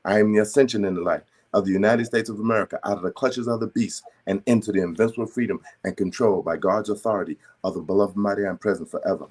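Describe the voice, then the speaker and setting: A man in a prayer circle slowly and deliberately reciting spiritual decrees, stumbling over his first words. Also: on the low side, a little mellow, slightly rough. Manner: slow, deliberate, emphatic recitation with stammered starts.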